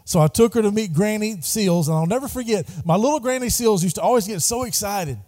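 A middle-aged pastor delivers a sermon, his voice set high and mellow. He calls out prompts for the congregation to echo back, and the church sanctuary gives a long reverb tail. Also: fairly quick. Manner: call-and-response preaching, prompting the congregation.

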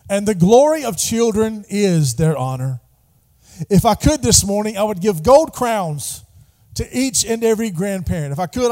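Prompting his congregation to say his words back, a middle-aged pastor delivers a call-and-response sermon. His voice is high and mellow, carried by the long reverb of the church sanctuary.

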